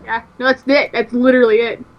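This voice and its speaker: A woman's voice: fairly high pitch, little pitch movement, quick pace, highs cut off. A woman with a Spanish accent, a player at a tabletop game, talking bluntly and teasing in casual banter. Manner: blunt, teasing, swears freely.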